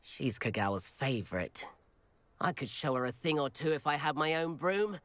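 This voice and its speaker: An eager schoolboy in a video game, chatty and encouraging, his voice high and swooping up and down. The line is dry and close, with no room around it. He sounds keen to share tips with a friend. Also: animated, normal speed, a bit bright, no echo. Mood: friendly. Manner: enthusiastic, encouraging. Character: friendly chatty teenage boy student, eager flyer. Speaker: fellow student.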